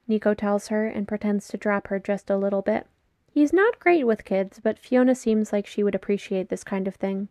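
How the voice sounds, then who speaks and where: A woman's voice: medium pitch, moderate pace, dark tone, dry recording, clean studio sound. A woman reading a story aloud as narration, telling it steadily and lightly voicing the characters. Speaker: podfic reader. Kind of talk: scripted narration.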